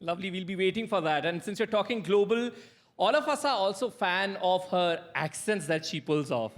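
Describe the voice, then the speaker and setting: A woman's voice: lowish voice, animated, moderate pace. A woman hosting a live on-stage interview, upbeat and cheering the crowd on. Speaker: interview host.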